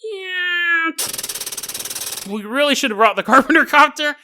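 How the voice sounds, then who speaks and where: A man's voice: very high voice, fast talker, bright, forceful tone, a little hiss or hum. A man hosting a podcast, telling strange stories in a rambling, jokey way, correcting himself and dropping in playful sound effects. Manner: frequent self-corrections and laughter. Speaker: podcast host. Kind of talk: casual comedic storytelling.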